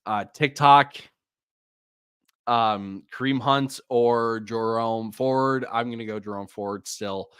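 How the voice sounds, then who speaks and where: A man hosts a live fantasy football stream, reading out viewers' names and snapping back quick start-or-sit calls. He sighs often and sounds a little distracted. His voice sits at a middle pitch and is recorded close and dry, with no room sound. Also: fairly bright tone, clear, resonant tone, no echo. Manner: rapid answers, reads viewer names and questions. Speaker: fantasy football podcast host.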